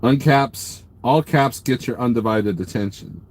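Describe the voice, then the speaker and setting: A man's voice: mid-range voice, measured pace, darkish tone. A man live-streaming from his parked truck at a truck stop, casually rambling, joking and teasing viewers as he reads their comments. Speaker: trucker livestreamer.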